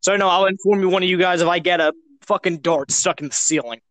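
High-voiced crude young man. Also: fairly even intonation, fast, fairly bright tone, no echo, low-quality recording. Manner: rambling, crude, playful. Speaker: podcast co-host. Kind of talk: casual chat.

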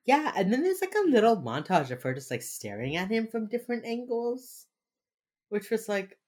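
A woman's voice: a little high, normal speed. A young woman co-hosting a podcast, casually retelling a TV episode and acting out the characters' lines. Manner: animated, acts out characters' lines while retelling. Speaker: podcast co-host recapping a TV episode. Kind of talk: casual chat.

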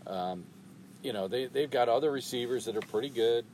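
A man's voice: medium pitch, fairly quick, darkish tone, slight background noise. A man in his fifties in casual chat, laid-back, laughing often and trailing into asides.

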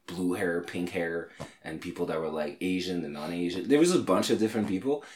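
A man's voice: deep voice, a little mellow. A man from France, a podcast guest, chatting casually in a laid-back, rambling way full of fillers. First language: French. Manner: laid-back, rambling with lots of "like" and quick laughs. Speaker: podcast guest, actor and comedian. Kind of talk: casual chat. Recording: roomy echo.

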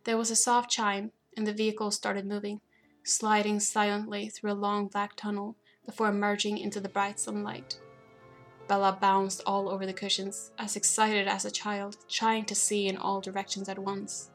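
Woman narrator, audiobook reading, steady and even, monotone contour, soft music underneath. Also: medium pitch, normal speed. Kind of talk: storybook narration.

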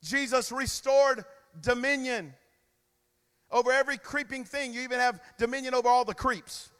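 A man preaching a sermon, calling on the congregation to repeat after him, swinging between loud emphatic bursts and quiet asides. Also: very high-pitched, moderate pace. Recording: long reverb of a large hall.

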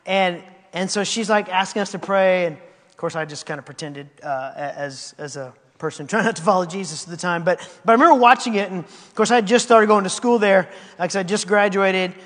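A man preaching a sermon as a story, animated, acting out quotes, swinging from loud to quiet. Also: sits high, brisk. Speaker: pastor. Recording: long reverb in a large hall.

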